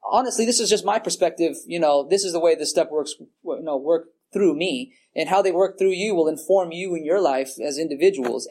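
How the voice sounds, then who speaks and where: A man's voice: fairly high pitch, darkish tone. A man sharing his story at a recovery meeting in a rambling, casual way, full of fillers and swearing, often laughing at himself. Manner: rambling and casual, heavy on "like" and "you know", swears freely; self-mocking, laughs at himself. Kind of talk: personal share at a recovery meeting. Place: meeting room in front of a group.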